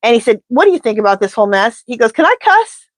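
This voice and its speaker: A woman doing a live pendulum reading, talking in an animated, indignant, chatty way. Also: a little high, rapid-fire, no room sound. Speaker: tarot reader.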